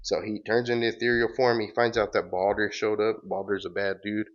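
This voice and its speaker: A man's voice: fairly low pitch, level tone, a little fast. A man hosting a comic reading, retelling the panels casually with fillers and self-corrections. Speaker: comic book reader and host. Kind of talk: casual reading aloud with commentary. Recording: dull lo-fi sound.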